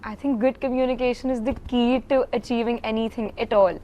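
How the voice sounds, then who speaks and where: A woman's voice: on the high side, fairly even intonation, fairly quick, dark tone. A teenage girl student answering interview questions eagerly and earnestly. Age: teens.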